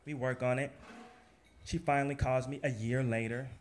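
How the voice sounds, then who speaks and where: A man tells his own story with a loose, animated energy, swearing casually and breaking into laughter. He slips into quick voices for the people he quotes. His pitch sits squarely in the middle range. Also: slight background noise. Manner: acts out other people's lines in lively quoted voices. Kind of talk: live personal storytelling.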